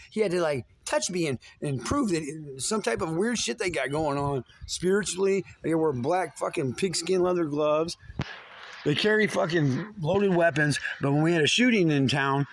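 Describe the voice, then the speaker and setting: Guy ranting his story, swearing nonstop, kinda high voice, stumbles and restarts. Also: slight background noise. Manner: profane, agitated, halting with many restarts. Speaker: vlogger telling his story. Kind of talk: angry rambling monologue.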